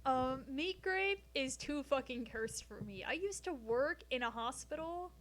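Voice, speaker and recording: A woman's voice: sits high, expressive, measured pace, a bit bright. A woman streaming casually from home, rambling and swearing freely as she jokes with her chat between science explanations. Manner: profane, rambling, jokey. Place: home, sitting on the floor.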